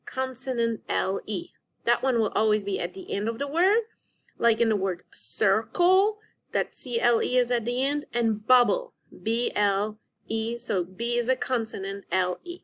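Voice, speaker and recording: A woman teacher giving a recorded phonics lesson to children, sounding out words slowly and clearly. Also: a little high, fairly bright tone.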